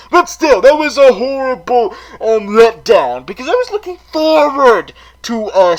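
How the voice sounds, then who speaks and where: A man's voice: on the high side, poor audio. A man in villain persona hosting a comedic, melodramatic TV recap rant, swearing often. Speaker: vlog host in villain persona.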